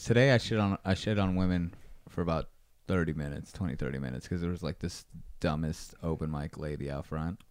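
A man who is a comedian guest on a casual podcast, telling stories in a brash, provocative, deadpan way. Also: sits low, fairly quick, no room sound.

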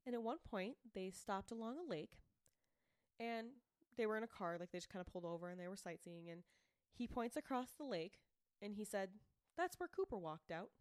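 A young woman tells a true-crime story while co-hosting a podcast, keeping it casual and chatty with plenty of "like"s. Her medium-pitched voice is a little fast and a little mellow, clear and resonant, in clean, echo-free studio sound.

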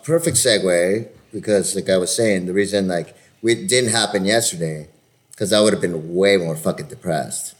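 A man in his fifties with a lowish voice talks loosely and animatedly with a friend. His speech is studded with swearing and filler words. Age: 50s. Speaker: actor and podcast host. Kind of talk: casual chat.

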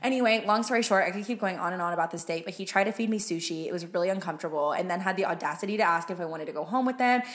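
A woman's voice: fairly low pitch, very fast, hardly any pauses. A young woman in casual chat, telling a story with lots of "like" and casual swearing. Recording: roomy echo.

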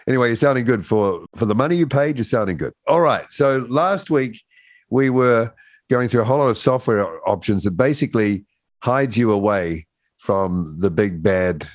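Low-voiced, easygoing radio host man. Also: animated, moderate pace, dry recording, studio quality. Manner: joking, easygoing banter. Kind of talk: breakfast radio chat. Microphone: studio microphone.

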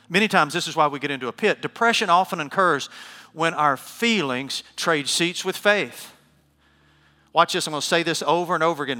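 A man's voice: fairly high pitch, pushed and bright, in a large hall. A man preaching a sermon, emphatic, asking the congregation questions and calling for responses. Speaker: pastor.

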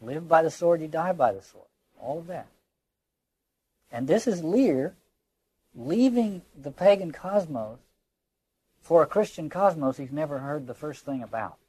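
A man lectures on literature in a reflective, halting way, repeating words as he gropes for the next phrase. His voice sits a little high and is husky. The sound is dry and close. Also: lively intonation, mellow, no echo. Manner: reflective, quotes lines aloud with emphasis.

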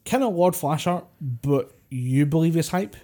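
A man talks casually as a podcast co-host. His voice is mellow and relaxed. He often breaks into laughter. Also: a little high, unhurried. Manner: chatty, laughs at his own jokes. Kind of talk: casual chat.

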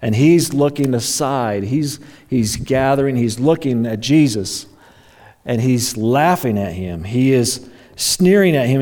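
A man's voice: mid-range voice, lively intonation, unhurried, a little mellow. A man preaching a sermon, telling the story dramatically and briefly voicing the mocking crowd and the criminals. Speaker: pastor.

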